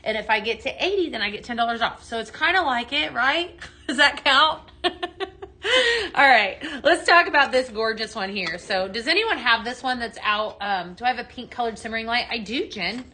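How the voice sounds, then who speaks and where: A woman's voice: fairly high pitch, lively intonation, a little fast, hardly any pauses, pushed and bright. A woman hosting a chatty live home-decor sales stream from her home, reading viewer comments aloud.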